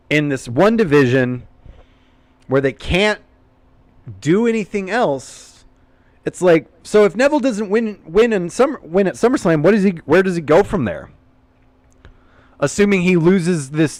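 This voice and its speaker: A man's voice: fairly high pitch, no room sound. A man hosting a casual, unscripted recap of a show, rambling and opinionated and swearing freely. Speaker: YouTube wrestling recap host.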